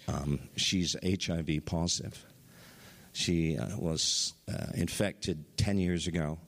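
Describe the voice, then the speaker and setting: Low-voiced preacher man in echoing hall. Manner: excited storytelling, voice rising high at highlights. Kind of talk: sermon testimony.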